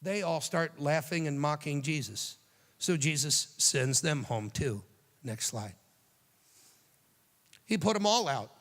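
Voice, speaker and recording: A man giving a youth sermon, telling the story dramatically and dropping to a hushed, tender voice for quoted lines. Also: a little high, expressive, slow, long pauses, big-room sound. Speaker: youth speaker.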